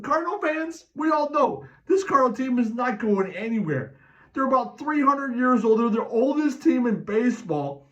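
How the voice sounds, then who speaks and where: A middle-aged man hosting a fan rant, animated and talking about himself in the third person. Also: very high-pitched. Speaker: podcast host ranting as a sports fan. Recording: distant mic, dull lo-fi sound.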